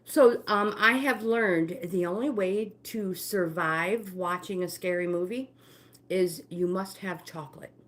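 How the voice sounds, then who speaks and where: A woman's voice: on the low side, measured pace. An older woman leading a live-streamed walking workout, giving friendly exercise cues and greeting viewers by name. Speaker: fitness instructor and livestream host.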